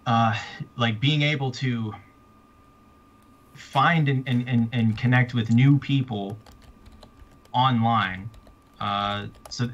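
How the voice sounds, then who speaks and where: A man's voice: medium pitch, a bit bright, dull audio. A man, an author, chatting casually about his books and readers, stumbling and restarting often. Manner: halting, many restarts and fillers. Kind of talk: casual chat.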